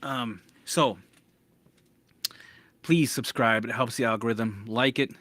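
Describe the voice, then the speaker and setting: Animated man coaching through anxiety. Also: mid-range voice, takes it slowly, no room sound. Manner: animated, acts out panicked voices, swears casually. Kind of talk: casual coaching monologue.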